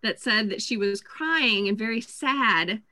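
A woman, chatting as co-host and telling animated stories about her family. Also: fairly high pitch, a little slow, dry recording, poor audio. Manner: chatty storyteller, quotes her kids in lively voices. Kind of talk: casual chat.

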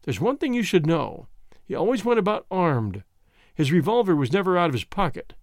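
A man's voice: sits high, very animated, fairly quick, darkish tone, no echo, studio quality. A man reading an audiobook, voicing a guarded man who answers questions plainly and defensively. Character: guarded, broad-shouldered male friend under questioning.

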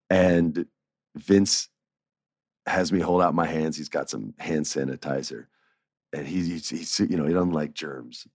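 A man's voice: low-pitched, no echo, studio quality. A middle-aged man casually telling stories, acting out quoted lines and laughing often. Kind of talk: casual storytelling.

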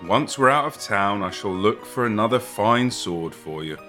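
A man voicing a calm, easygoing young male master who speaks in a nonchalant, unhurried way. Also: lowish voice, soft background music, voice pushed up.

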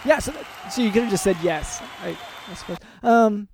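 A man co-hosting a comedy podcast, speaking deadpan and hesitantly with many fillers. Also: high-pitched, fairly quick, gravelly, some chatter behind, a little hiss or hum. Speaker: podcast co-host.

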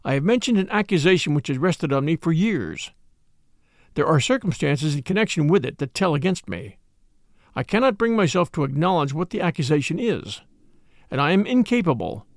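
A man reading the part of a haunted, weary middle-aged male medical assistant in a low, stern and resolute way, in a dramatic audiobook. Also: big pitch swings, moderate pace, no room sound, clean studio sound. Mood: anguished.

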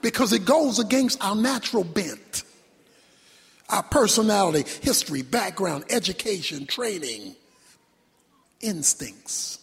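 A male pastor preaching a sermon, emphatic, swinging from shouted points to quiet low asides. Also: big pitch swings, measured pace, gravelly, husky. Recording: long reverb from a large hall.

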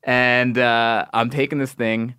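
Animated, profane male storyteller. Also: mid-range voice, slow pace, smooth, no echo, clean studio sound. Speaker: guest, comedian. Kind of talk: casual podcast chat.

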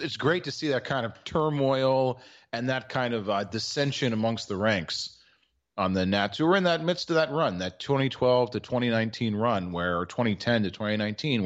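A man's voice: mid-range voice, highs cut off. A man co-hosting a podcast, telling a sports story in a wry, rambling way with plenty of filler words. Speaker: podcast co-host. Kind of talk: casual sports chat.

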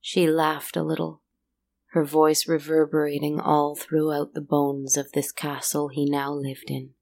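A woman narrating a fairy-tale-like story in a calm, slow, measured way, with a creaky voice. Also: low voice.

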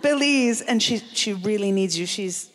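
A woman from New Jersey in a casual chat, telling lively stories about a friend and laughing often. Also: medium pitch, a little slow. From Central New Jersey.

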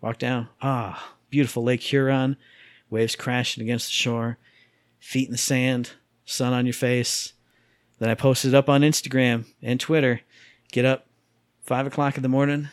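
Animated, jokey man telling stories. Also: medium pitch, moderate pace, no room sound, studio quality. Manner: animated storyteller, jokey, acts out sounds. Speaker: podcast co-host. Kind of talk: casual chat.

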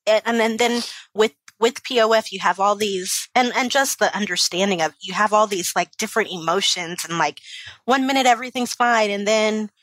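A kindergarten teacher in her thirties shares her personal story as an interview guest, speaking candidly and emotionally with many fillers and restarts. Her mid-range voice is a bit bright and moderately paced, in a dry recording.

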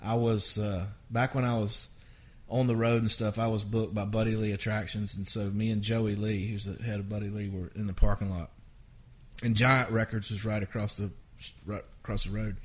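A man, a songwriter guest, telling stories in a rambling, self-interrupting way with frequent chuckles. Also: fairly low pitch. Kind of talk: casual storytelling interview.

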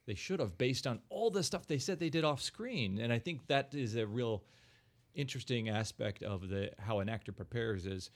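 A man's voice: mid-range voice, moderate pace. Middle-aged male podcast host, chatty storyteller, loose and amused. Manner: anecdotal storyteller, laughs while talking. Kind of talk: casual chat.

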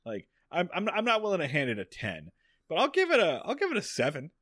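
A man's voice: high voice, huge pitch swings, a bit bright, dry recording, studio quality. A young man co-hosting a podcast, joking sarcastically while recapping a TV episode. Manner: joking, sarcastic, quick asides. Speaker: podcast co-host. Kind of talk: casual chat recapping a TV episode.

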